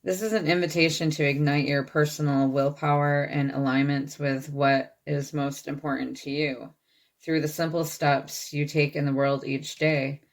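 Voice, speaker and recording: A woman's voice: low voice, flat delivery, moderate pace. A woman giving a channeled tarot reading, reading card texts aloud and checking in with her listeners. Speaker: tarot reader.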